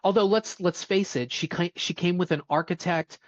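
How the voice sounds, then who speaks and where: A man co-hosting a casual film review podcast, talking in an animated way, swearing and laughing often. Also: high-pitched, moderate pace, dry recording, dull audio. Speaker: podcast co-host.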